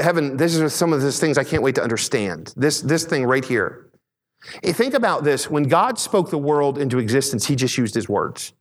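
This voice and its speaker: A man's voice: mid-range voice, long reverb tail. A man preaching a sermon as pastor, earnest, often restarting and repeating words.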